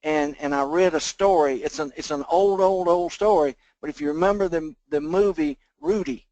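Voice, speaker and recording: A man with a high, bright-pitched voice gives a motivational pep talk to his sales team. His folksy delivery leans on repetition and a preachy rhythm. The sound is close and dry, with no room around it. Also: normal speed, no echo, lo-fi sound. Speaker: team leader on a sales call. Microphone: phone or conference call line.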